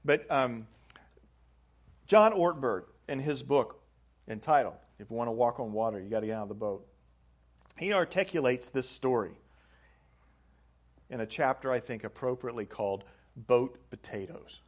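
A man's voice: mid-range voice, animated, normal speed, pauses often. A man preaching a sermon, reading aloud from a book and stressing phrases with rising emphasis. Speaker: pastor. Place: church sanctuary.

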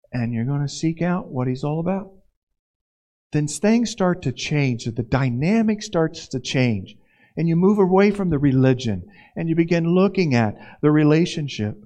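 A male pastor gives a conversational sermon with a fairly high voice. He acts out the scenes he tells as he goes. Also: animated, normal speed, darkish tone.

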